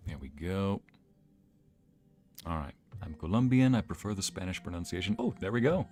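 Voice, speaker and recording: A man with a deep, low voice talks casually to his live-stream viewers, greeting them one by one and laughing easily. He speaks into a desk microphone at home, with soft music playing behind him. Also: animated, moderate pace. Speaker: streamer and narrator. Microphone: desk microphone at home streaming setup.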